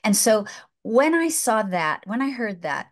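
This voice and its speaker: A woman's voice: mid-range voice, unhurried. A woman guest on a faith show, eagerly retelling a film scene and drawing spiritual lessons from it, emphatic and full of repeated words. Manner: excited, emphatic, repeats herself. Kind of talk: animated storytelling in a faith talk.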